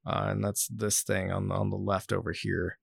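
A man's voice: deep voice, little pitch movement, moderate pace, gravelly, breathy edge, dry recording. Rambling man on a dry mic. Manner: rambling, heavy on fillers, swears freely; reads article passages aloud. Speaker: podcast host. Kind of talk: casual podcast chat.

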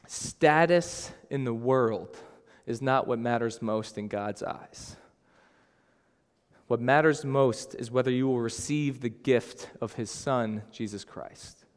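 A man preaching a sermon as pastor, earnest, moving between hushed and emphatic delivery. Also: a little high. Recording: long hall reverb.

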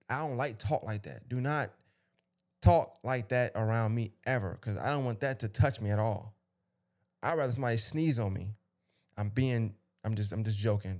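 A man's voice: mid-range voice, a little mellow. Emphatic man ranting on a podcast. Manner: emphatic, repetitive, rambling with restarts. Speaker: podcast host. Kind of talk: casual motivational monologue.

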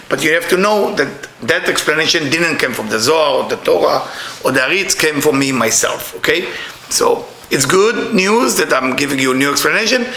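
Animated, high-voiced man preaching a sermon. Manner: animated, breaks into laughing exclamations; non-native English with slips. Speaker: spiritual teacher. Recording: echoey room with faint noise.

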